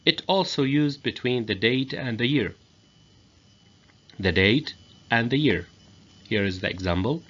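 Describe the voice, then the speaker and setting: A man whose first language is Arabic, giving a grammar lesson as a teacher, explaining slowly and repeating each example. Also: medium pitch, lively intonation, fairly bright tone. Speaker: English teacher. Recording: dull lo-fi recording.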